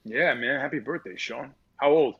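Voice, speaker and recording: A man's voice: medium pitch, moderate pace, gravelly, breathy edge, highs cut off. A man in a casual interview, talking in a laid-back, rambling way and laughing often. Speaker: voice actor guest.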